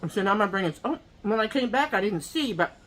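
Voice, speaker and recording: A woman talks straight to her viewers while she eats at home, spinning a rambling, gossipy story with one aside after another. Her pitch sits in the middle and swings up and down a great deal as she goes. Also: animated, quick pace, a bit bright. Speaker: mukbang vlogger. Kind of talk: casual chat while eating.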